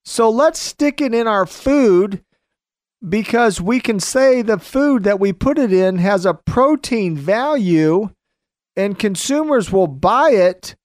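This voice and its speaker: Slow, emphatic male radio host. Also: sits high, no echo, clean studio sound. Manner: emphatic, repetitive ranting. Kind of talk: radio monologue.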